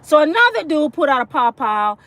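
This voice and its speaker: Animated high-voiced woman ranting. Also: a little fast. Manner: emphatic, slangy, acts out quotes in shifting voices. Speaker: commentary vlogger. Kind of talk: animated storytelling rant.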